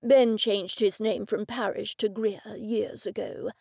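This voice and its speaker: A woman voicing a formal, precise gentleman in a storybook reading, who enunciates every word loudly and clearly. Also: medium pitch, fairly even intonation, slow pace, no echo, studio quality, heavily acted.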